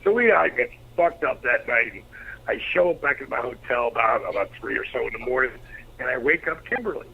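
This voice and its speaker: A middle-aged man, a former pro wrestler, telling profane, animated anecdotes as an interview guest. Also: medium pitch, brisk, creaky, slight background noise. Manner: profane, animated storyteller acting out quotes. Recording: slightly dull lo-fi recording.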